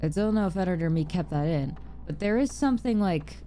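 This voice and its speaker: A woman's voice: on the low side, lively intonation, brisk, mellow, a little hiss or hum. A young woman giving casual, exasperated commentary while playing a game, swearing constantly. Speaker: let's play gamer.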